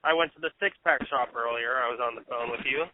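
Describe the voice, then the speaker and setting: A man's voice: medium pitch, fast talker. Man in his thirties on a tinny line. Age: 30s. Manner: laid-back, self-deprecating storytelling. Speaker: podcast co-host. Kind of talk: casual chat. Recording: tinny phone-like line, dry.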